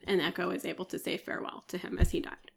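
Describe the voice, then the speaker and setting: Woman podcast host, gravelly voice, chatty, fillers, coughing now and then. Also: on the low side, little pitch movement, fast talker. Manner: chatty storyteller, laughs often, many fillers. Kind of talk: casual chat, retelling a myth.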